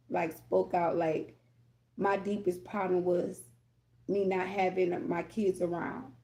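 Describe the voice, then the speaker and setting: A woman with a gravelly, warm voice talks straight to her viewers as a tarot reader. She rambles candidly and keeps checking in with them between thoughts. Her tone stays mellow and informal throughout. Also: lowish voice. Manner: candid, rambling, addresses viewers with "y'all" and "okay?". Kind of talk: casual spiritual talk to viewers.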